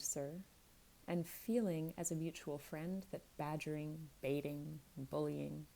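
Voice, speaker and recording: A woman's voice: low voice, vocal fry, mellow, slight background noise, rough recording. A woman voicing a flowery, pompous young man making a long-winded speech, in a bedtime storybook reading.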